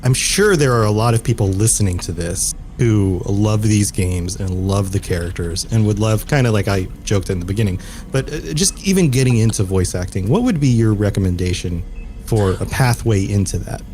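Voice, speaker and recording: A man hosting a podcast interview, chatty and quick to laugh. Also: lowish voice, lively intonation, darkish tone. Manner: laughs easily, chatty and friendly. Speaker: podcast host. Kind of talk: casual interview chat. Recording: faint background noise.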